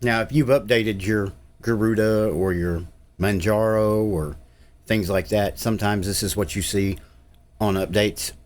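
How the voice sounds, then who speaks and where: A man's voice: fairly low pitch, steady tone, measured pace. A man, narrating a casual tech tutorial in an easygoing, rambling way with frequent uhs. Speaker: tech channel host.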